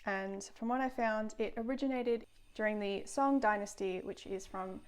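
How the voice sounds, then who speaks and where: A woman's voice: medium pitch, normal speed, clear, resonant tone. A woman chatting casually through a cooking vlog in her kitchen, self-deprecating and laughing often. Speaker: food vlogger. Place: home kitchen.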